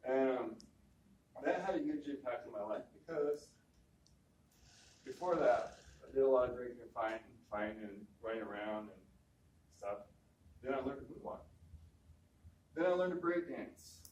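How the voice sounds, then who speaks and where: A man's voice: mid-range voice, lively intonation, moderate pace, pauses often, a little mellow. A man telling his own story in an easy, conversational voice, doubling back on words and acting out what people said. He sounds a little distant from the mic, in a room with a lot of echo. A faint hum of ambience sits behind him. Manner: conversational, repeats words, quotes others. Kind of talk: personal storytelling talk.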